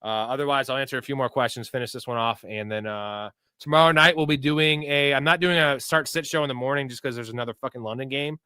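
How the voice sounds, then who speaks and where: A man's voice: medium pitch, quick pace, few pauses, bright, forceful tone, clean tone, no echo, studio quality. A young man hosting a live sports betting show, chatting casually and loosely with viewers in profane, hyped-up bro talk. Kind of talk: casual livestream chat answering viewer questions.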